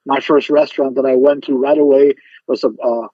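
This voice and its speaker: A man's voice: mid-range voice, fairly quick, dry recording, dull audio. A man, an actor guest on a podcast, telling stories animatedly and acting out the voices of the people in them. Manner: animated, acts out quoted voices in his stories. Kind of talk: casual interview storytelling.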